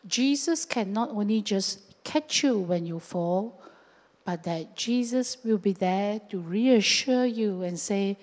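A woman pastor preaching a sermon, lively and acting out scenes with local fillers. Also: mid-range voice, slow. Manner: animated, acts out scenes and voices, with local fillers like lah. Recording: long hall reverb.

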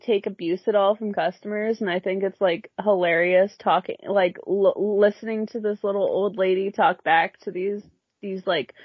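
A woman's voice: mid-range voice, slightly rough, no echo. A young woman who works retail, telling a workplace story in casual chat, full of fillers and swearing. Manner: chatty, swearing, filler-heavy. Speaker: retail worker. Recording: dry muffled lo-fi recording.

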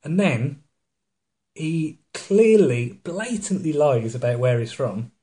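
A man, co-hosting a casual podcast chat and retelling a film in a mocking, animated way with put-on voices. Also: a little high, takes it slowly. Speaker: podcast co-host. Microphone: studio microphone.

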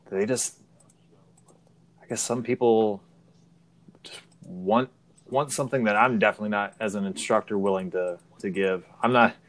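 A middle-aged man, a martial arts instructor, talking frankly and plainly in a casual podcast chat. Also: lowish voice.

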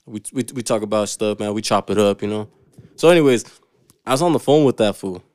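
Chill slangy dude rambling stories on a podcast, dry close mic, cusses a lot. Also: male voice, fairly low pitch, brisk, a little mellow, no room sound. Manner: laid-back slangy storytelling, swears a lot. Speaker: podcast co-host. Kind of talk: casual chat.

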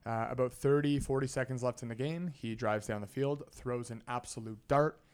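A man's voice: medium pitch, moderate pace, clear, resonant tone. A man with an ordinary mid-range voice co-hosts a casual sports betting podcast. He tells stories with energy and acts out scenes from movies. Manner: storytelling, animated retellings of movie scenes. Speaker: podcast co-host.

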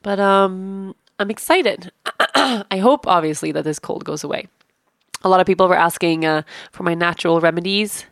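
A woman's voice: on the low side, normal speed, no room sound, clean studio sound. A woman hosting a podcast, chatting casually with her husband, laughing often and swearing casually. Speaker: podcast host. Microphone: studio podcast mic.

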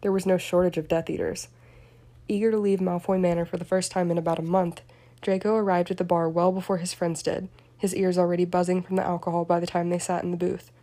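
Mellow woman reading a story. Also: on the low side, flat delivery, fast. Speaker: audiobook reader. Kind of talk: fan fiction reading.

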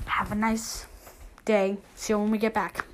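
A woman's voice: mid-range voice, flat delivery, unhurried, loud music behind the voice. A woman hosting an amateur news show, reading long lists casually and correcting her own slips as she goes.

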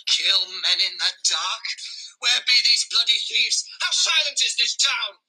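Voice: medium pitch, lively intonation, a little slow, pushed and bright, breathy edge, exaggerated voice, low-quality recording. A reader playing a sly scheming soldier in an amateur Shakespeare reading, declaiming his lines. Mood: urgent.

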